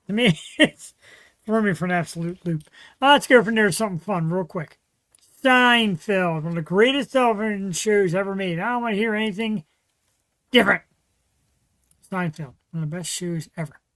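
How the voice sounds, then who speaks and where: A man's voice: sits high, fairly bright tone, dry recording, poor audio. Chatty rambling male stream host. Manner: rambling, chatty, full of fillers. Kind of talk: casual solo livestream chat.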